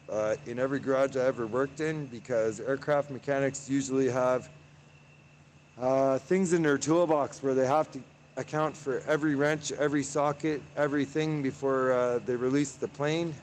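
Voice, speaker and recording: A man's voice: medium pitch, a little mellow, slight background noise. Man rambling casually on a live stream. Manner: rambling, with frequent "uh" fillers. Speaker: livestreamer. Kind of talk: casual live stream, reading chat aloud.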